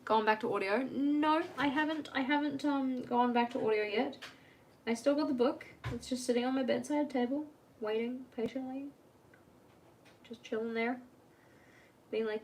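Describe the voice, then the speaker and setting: A woman's voice: a little high, moderate pace, pauses often, slight background noise. A young woman chatting casually on a live stream from home while she works on her journal, rambling and laughing at herself.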